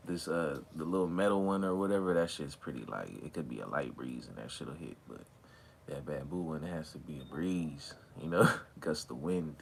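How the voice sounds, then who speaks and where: Laid-back gravelly man chatting while high. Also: moderate pace, slight background noise. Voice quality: relaxed, slangy, drawling. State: high from smoking. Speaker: livestream host. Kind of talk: casual chat with live chat viewers. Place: outdoors or near an open back door, windy. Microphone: phone.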